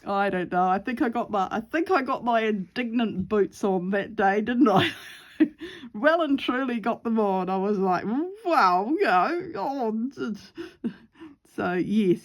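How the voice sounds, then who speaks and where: A woman's voice: medium pitch, a little slow. A middle-aged woman chatting casually while she sews, laughing often and acting out the voices in her story. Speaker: craft vlogger.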